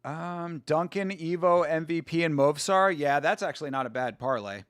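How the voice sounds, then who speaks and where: Loud, swearing man hosting a live stream. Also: fairly high pitch, moderate pace, dry recording. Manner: swears and reacts loudly to fights, greets chat by name. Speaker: streamer hosting a live fight watch-along. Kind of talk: casual live-stream chat.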